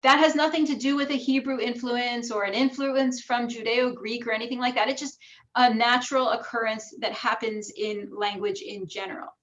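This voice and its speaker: An American woman with some New York vowels giving an academic lecture with slides, explaining clearly and demonstrating pronunciations aloud. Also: on the high side, fairly even intonation, normal speed. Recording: dull lo-fi recording.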